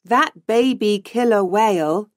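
Very slow, clear woman narrator. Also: mid-range voice, dry recording, clean studio sound. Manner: slow, clear, simple reading. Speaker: audiobook narrator. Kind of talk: graded reader narration for learners.

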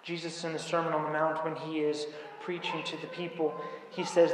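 Man preaching, slightly high voice, deliberate pauses, booming church echo, faint hiss. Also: level tone. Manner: measured, emphatic pauses on key words. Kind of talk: sermon. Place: church sanctuary.

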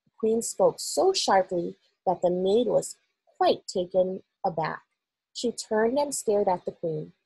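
A woman reading a children's novel aloud for school children in an expressive, unhurried storytelling manner. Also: mid-range voice, gravelly, husky, dry recording, low-quality recording.

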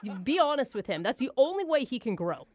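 Bossy woman radio host on a prank call, high voice, brash. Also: big pitch swings, fairly quick, a little mellow. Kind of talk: prank phone call, playing a bossy manager. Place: radio studio.

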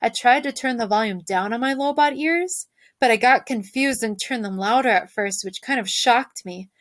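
Brief: woman teacher reading a novel aloud to her class, lively, dry close sound. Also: a little high, normal speed, no echo. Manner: lively, shifts voices for characters.

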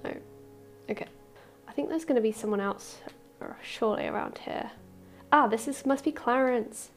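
A woman hosting a casual let's-play, gushing and excitable, with squeals of delight and soft murmurs as she explores. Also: fairly high pitch, moderate pace, soft background music. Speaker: gaming channel host.

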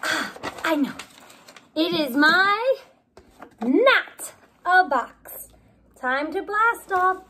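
A woman voicing an excitable, playful young rabbit who shouts sound effects and pretend games in a children's storybook reading. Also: very high-pitched, very slow, pauses often, slight background noise, heavily acted. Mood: excited, playful.

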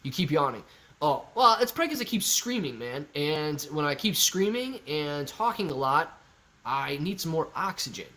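A young man chatting through a live stream, reading comments out in a loose, playful way. His voice sits fairly high for a man, and he jumps between loud outbursts and quieter asides. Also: normal speed. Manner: animated, goofy, jumps between shouting and mumbling. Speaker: stock livestream host.

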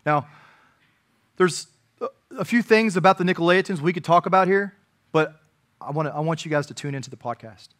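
Earnest higher-voiced preaching man. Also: fairly quick, pauses often. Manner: earnest preaching, rising to emphatic peaks and dropping to quiet asides. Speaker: pastor. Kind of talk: sermon.

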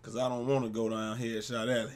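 A young man giving casual gameplay commentary with friends, joking, swearing a lot and breaking into loud yells when the action picks up. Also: mid-range voice, level tone, quick pace. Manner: swears a lot and breaks into yelling mid-game; jokey, trash-talking banter. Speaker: gaming commentator.

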